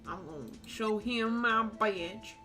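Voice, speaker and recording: A woman's voice: medium pitch, slow pace, pushed and bright, soft background music. A woman giving casual, chatty commentary while playing a game, laughing often. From United States. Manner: giggly, chatty. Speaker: let's play host.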